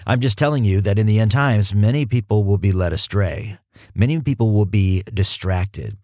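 A man's voice: on the low side, normal speed, warm tone, no room sound, clean studio sound. Emphatic, self-mocking male podcast host. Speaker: podcast host and Bible teacher. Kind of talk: casual podcast teaching.

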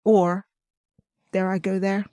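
A woman co-hosting a faith podcast in casual chat, lively and often laughing, who breaks into animated asides. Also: mid-range voice, slow pace, no room sound, studio quality. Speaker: podcast co-host.

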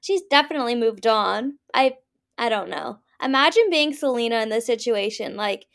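Blunt young woman with a smooth, higher voice. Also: animated, normal speed, fairly bright tone. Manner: blunt, swears freely, asks questions. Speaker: podcast co-host. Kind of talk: casual gossip chat.

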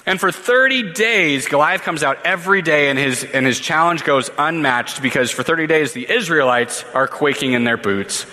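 A man preaching a sermon, retelling a story in a lively, casual way with offhand asides. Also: fairly high pitch, moderate pace, hardly any pauses, big-room sound.

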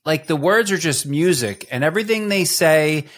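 A man's voice: on the high side, lively intonation, moderate pace. A man co-hosting a podcast in casual group chat, enthusiastic and rambling, laughing often. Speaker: podcast co-host.

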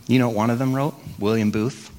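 A man's voice: medium pitch, steady tone, fairly quick, darkish tone. A middle-aged man preaching a sermon, telling stories and acting out his own prayers with self-mocking humour. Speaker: pastor. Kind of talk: sermon with storytelling.

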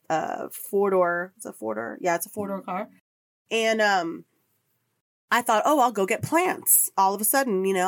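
This podcast host, a middle-aged woman, tells a heartfelt personal story that wanders and turns emotional. Her pitch is medium, and the recording is clean studio sound without any room tone.

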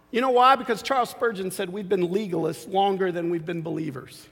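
A man in his forties preaching a sermon as pastor, swinging from shouted peaks to quiet asides. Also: sits high, fairly quick, creaky, few pauses, husky. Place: church sanctuary. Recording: long hall reverb.

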